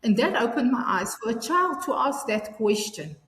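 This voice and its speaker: A woman's voice: a little high, sing-song, moderate pace, a bit bright. Earnest woman in an echoey room. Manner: earnest, repetitive restarts. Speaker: guest. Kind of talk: personal interview. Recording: echoey room with long reverb.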